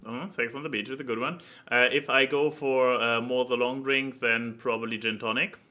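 A man's voice: mid-range voice, steady tone, moderate pace, pushed and bright. A man co-hosting a casual podcast, chatting with dry, joking asides. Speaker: podcast co-host.

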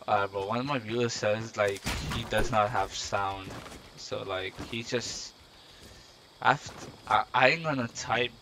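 A man's voice: fairly low pitch, measured pace. A man streaming a game on a headset mic, chatting casually and teasing his teammate, saying "bro" all the time. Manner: slangy, teasing, says "bro" constantly. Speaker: streamer playing online. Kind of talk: casual gaming chat. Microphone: gaming headset. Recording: loud background noise.

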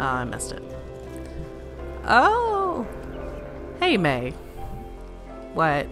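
A woman's voice: mid-range voice, fairly bright tone. A woman playing a video game, reading its dialogue aloud with playful commentary. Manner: playful, reads characters in varied voices. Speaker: let's play gamer. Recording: faint game music behind.

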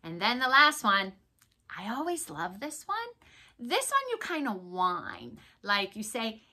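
Young woman teaching toddlers their letters, slow and singsongy, swoops up and down a lot. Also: fairly high pitch, sing-song, bright, forceful tone. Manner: sing-song, encouraging, slow and exaggerated for kids. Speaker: preschool teacher.

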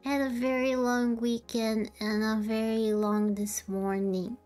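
A woman streamer in a casual chat with her live chat, tired and with a sore throat, soft-spoken and laughing often. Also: on the high side, flat delivery, a little slow, soft background music. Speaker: VTuber streamer.

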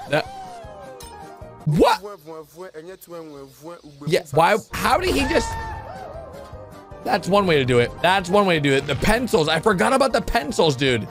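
High, animated young man reacting excitedly. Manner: excitable, exclaiming, talks to viewers as "boys" and "bro".

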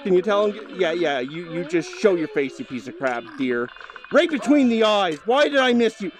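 A man's voice: high-pitched, big pitch swings, normal speed, rough recording. A man commentating his VR gameplay, exasperated and ranting at the game with mild swearing. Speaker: gameplay host. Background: game music.

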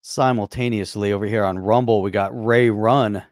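An easygoing American man co-hosts a live podcast stream, laughing often during casual chat. His voice is fairly low and darkish, with fairly even intonation and a moderate pace, captured in a dry, studio-quality recording.

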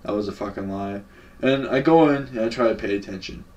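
A man's voice: on the low side, fairly quick, a little mellow, lo-fi sound. A young man telling a casual story-time vlog in a laid-back, slangy and profane way. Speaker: vlogger. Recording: voice a bit far from the mic.

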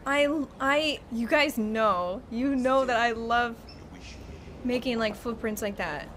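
A young woman streaming a game, excitable, laughing often and swearing freely as she chats with viewers. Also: fairly high pitch, takes it slowly, a little hiss or hum. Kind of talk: live gameplay chat. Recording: clear music behind her.

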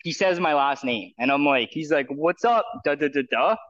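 A man from Canada tells his story in a rambling, casual way, piling up fillers and restarts and acting out other people's lines. His voice sits somewhat high for a man. The sound is a bit dull and lo-fi. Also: expressive, normal speed, a bit bright. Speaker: guest telling his story.

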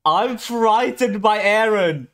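High-voiced excitable man reacting. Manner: excitable, gasps and drawn-out exclamations; stumbling restarts when agitated. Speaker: anime reaction channel host.

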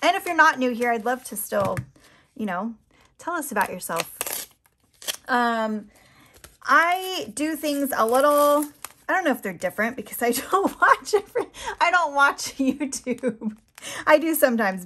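A woman's voice: a little high, a bit bright, a little hiss or hum. A woman talking casually to her camera as a nail polish vlogger, flustered and rambling, with frequent laughs.

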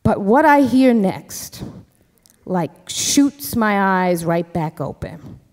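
A woman telling a story live on a theater stage, fast and chatty, full of "like" and "you know.". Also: medium pitch, expressive, darkish tone. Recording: live theater hall reverb, faint music.

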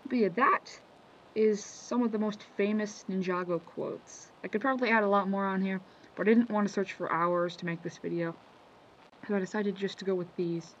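A man's voice: sits high, steady tone, moderate pace. A man casually talking through a quotes compilation for his video, rambling, losing his train of thought and correcting himself. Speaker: video creator. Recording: slightly dull lo-fi audio with faint background noise.

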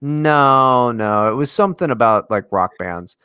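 A man's voice: mid-range voice, measured pace, clear, resonant tone, no echo, clean studio sound. A man co-hosting a podcast in casual chat, ranting and swearing with lots of energy. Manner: profane, ranting, animated. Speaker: podcast co-host.

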